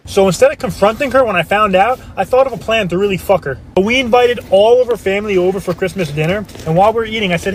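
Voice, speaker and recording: A man's voice: high-pitched, quick pace, few pauses, slight background noise. A man, a father, telling a joke as a first-person story and acting out the voices in it. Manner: animated, acting out quoted voices.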